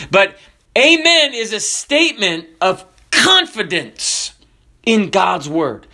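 A man preaching a sermon with jokes and animated storytelling. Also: high voice. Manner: animated, jokey storytelling with drawn-out emphasis.

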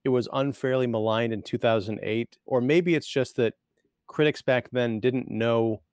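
Brief: male co-host, mid-pitched, laid-back rambling delivery, close and dry sound. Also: moderate pace, a little mellow, clear, resonant tone, no room sound. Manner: rambling plot recap with many fillers. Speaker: podcast co-host. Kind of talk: casual movie-podcast chat.

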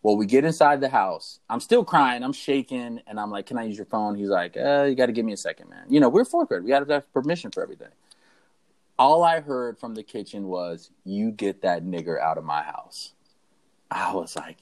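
A man's voice: fairly low pitch, brisk. A young man, co-host of a podcast, telling a story in casual chat and acting out the people in it. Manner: animated storyteller who acts out the voices of people in his story.

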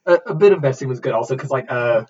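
A man co-hosting a casual movie-review podcast, sarcastic and quick to swear. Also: medium pitch, lively intonation, darkish tone, breathy edge, dull audio. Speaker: podcast co-host.

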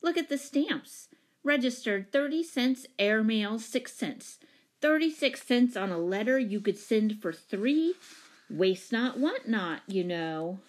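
A woman's voice: a little high, expressive, slow, pitched above the performer's own voice. A woman reading a storybook, voicing a cheeky younger brother who teases and retorts. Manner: teasing, retorting.

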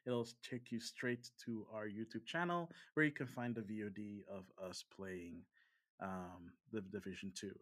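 A man's voice: on the low side, normal speed, a bit bright. A man co-hosting a casual gaming podcast, talking in a rambling way with frequent ums and restarts. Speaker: podcast co-host.

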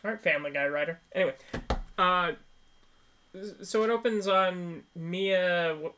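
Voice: mid-range voice, measured pace, a bit bright, a little hiss or hum. A person in their twenties co-hosting a casual movie-review podcast, rambling into tangents and laughing often. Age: 20s. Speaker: podcast co-host.

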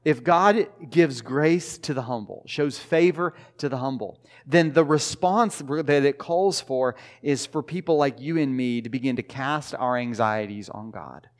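A man preaching a sermon in a church. He talks in a conversational way, often restarts, and slows down for emphasis. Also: medium pitch. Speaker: pastor. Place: church sanctuary.

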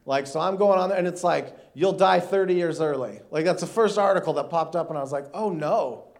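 This guest preacher, a man in his thirties, speaks at a fairly high pitch and a little fast, animatedly recounting a humorous personal story in his sermon amid frequent laughter.

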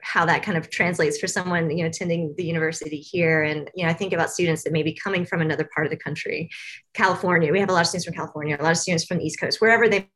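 Chatty lower-voiced woman guest. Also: steady tone, rapid-fire, a bit bright. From Tennessee. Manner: chatty, rambling with many fillers, laughs often. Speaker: guest, university staff. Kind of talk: casual interview answers.

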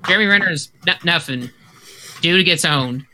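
Chatting casually with friends, a man with a slightly high voice speaks at a moderate pace, opinionated and animated. He often repeats words as he starts a sentence.

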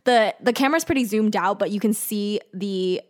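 A woman's voice: mid-range voice, normal speed. A young woman talks through an episode on a podcast in an easy, chatty way. She recaps scene by scene and keeps the tone casual and friendly, with a medium voice in the usual range. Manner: chatty, acts out quoted lines with giggles. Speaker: podcast co-host.

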